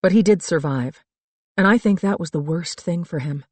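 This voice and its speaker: A middle-aged woman narrating a first-person thriller audiobook in a calm, reflective storytelling manner. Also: on the low side, moderate pace, no room sound. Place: dry studio booth.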